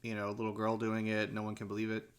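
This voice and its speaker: A man's voice: lowish voice, completely flat delivery, fast. A man co-hosting a podcast, talking casually and knowledgeably about films, with many restarts. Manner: knowledgeable, full of restarts and fillers. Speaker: podcast co-host. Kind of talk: casual movie discussion.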